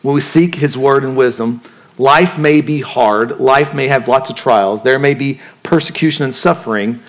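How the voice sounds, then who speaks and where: At normal speed and medium pitch, a man preaches a sermon as a pastor in a conversational way. He puts questions to the crowd and gives voice to the thoughts in people's heads.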